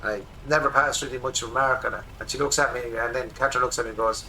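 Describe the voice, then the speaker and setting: An Irish man in his forties, a streamer rambling excitedly through casual commentary while he plays a game at his home desk. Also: mid-range voice, quick pace, a little hiss or hum, poor audio. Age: 40s.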